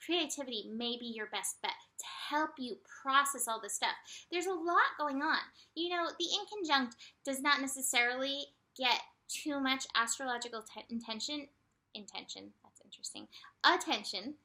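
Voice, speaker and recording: A woman giving a casual spiritual astrology and tarot forecast in a gentle, soothing way, with light laughs and animated asides. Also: high voice, moderate pace.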